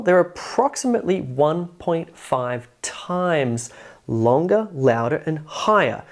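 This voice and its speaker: A woman teaching English pronunciation in a video lesson, explaining clearly and stressing example words to show how they sound. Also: sits low, darkish tone.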